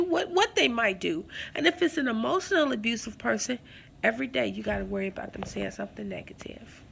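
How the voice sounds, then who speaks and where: A woman's voice: on the high side, animated, a little fast, vocal fry, fairly bright tone, husky. A woman giving impassioned advice to her viewers at home, preachy and emphatic, repeating her key phrases and calling the listener girl. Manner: addresses listener as girl and baby girl. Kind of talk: impassioned advice talk to camera.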